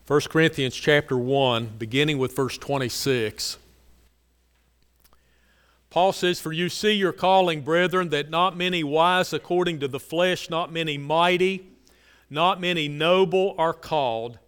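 A fairly high-voiced man preaching in a church sanctuary, his words ringing with a long reverb. His tone is smooth and resonant, and he repeats key phrases for emphasis before falling to quiet, low lines. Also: a little slow. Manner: earnest preaching, repetitive emphasis, drops to soft low lines. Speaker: pastor. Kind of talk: sermon.

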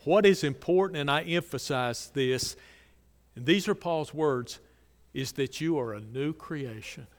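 A man preaching a sermon as a pastor, slow and emphatic, rising loud and dropping to near quiet for stress. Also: fairly high pitch, long reverb tail. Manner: slow, emphatic preaching with swells and drops in volume.

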